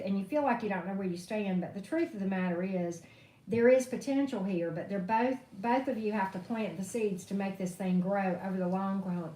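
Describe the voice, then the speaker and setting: A woman's voice: mid-range voice, dark tone. A woman reading tarot on a live stream, venting in a blunt, profane way. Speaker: tarot reader. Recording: echoey room, distant mic, faint noise.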